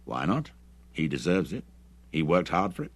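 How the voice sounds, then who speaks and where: A man's voice: sits low, very animated, normal speed, husky, dry recording, heavily acted. A man voicing a curt mercenary commander. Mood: curt commanding. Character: hard, blunt male mercenary commander.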